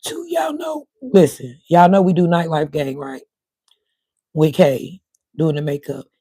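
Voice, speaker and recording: Middle-aged woman, livestream host, rambling chat with viewers, warm voice cutting in and out, dry sound. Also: low-pitched, animated, a little slow, husky, no room sound.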